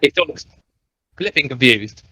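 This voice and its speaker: A man's voice: mid-range voice, expressive, a little slow, pushed and bright, a little hiss or hum, rough recording. A man playing a tabletop role-playing game, narrating his character in a hesitant, amused way with fillers. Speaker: player.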